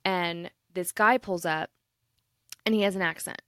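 A young adult woman co-hosting a podcast, telling a rambling story in casual chat, stopping and restarting herself with quick laughs. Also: lowish voice, fairly even intonation, fairly bright tone, no echo, clean studio sound. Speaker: podcast co-host.

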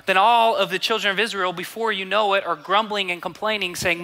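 His voice sits high, pushed and bright yet steady, as this young pastor of 20s to 30s moves briskly through his sermon with few pauses. He reads scripture aloud, acts out quoted voices and repeats phrases for emphasis.

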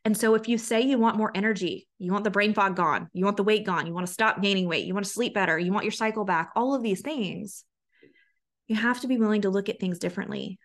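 A woman hosts a solo podcast, speaking as a health coach straight to her listeners. She talks in an earnest, chatty way and often restarts her sentences mid-thought. Her voice sits at an ordinary middle pitch. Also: quick pace. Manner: earnest, conversational, with frequent restarts and quoted inner voices.

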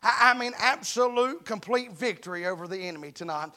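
A man's voice: high-pitched, lively intonation, fairly quick, bright, forceful tone. A man preaching a fervent revival sermon to his congregation, plain-spoken and calling for amens. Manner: fervent, repeatedly calls for amens; plain-spoken, calls himself uneducated.

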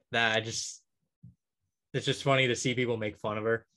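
Speaking a little slowly in a steady, middle-pitched voice, this man co-hosts a casual podcast and goes through a long list aloud. Plenty of ums and uhs fill the pauses, and he laughs softly at the choices he makes.

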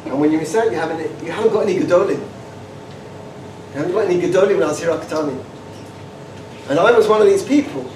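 A man giving an informal talk to students, animated and full of humorous anecdotes, often repeating words as he restarts and laughing as he goes. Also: high-pitched, fairly quick, pauses often. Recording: echoey room, distant mic, background noise.

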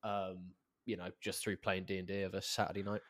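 A man, a podcast guest talking in a relaxed way with many fillers. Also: sits low, quick pace. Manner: laid-back, frequent fillers. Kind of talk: casual chat.

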